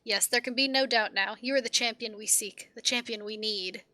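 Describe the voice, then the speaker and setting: A woman with a fairly high voice plays a wounded young woman hiding out, her faint, soft-spoken pleas coming haltingly and hesitantly. There's no room sound in the recording.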